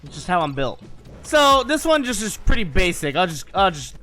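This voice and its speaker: A young man telling casual stories, animated and profane, often laughing as he talks. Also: sits high, moderate pace. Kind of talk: casual storytelling.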